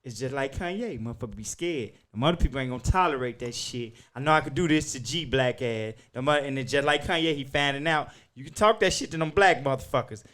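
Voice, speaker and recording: A man hosting a podcast, talking in a loud, emphatic, profane way that swings between shouting and muttering. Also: medium pitch, quick pace, few pauses. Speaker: podcast host. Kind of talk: casual chat.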